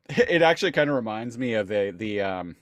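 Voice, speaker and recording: A man's voice: on the low side, lively intonation, normal speed, no echo. A man co-hosting a podcast, rambling through a cartoon plot with many fillers. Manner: rambling, many fillers, hammy quoted voices. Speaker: podcast co-host. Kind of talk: casual chat recapping a cartoon.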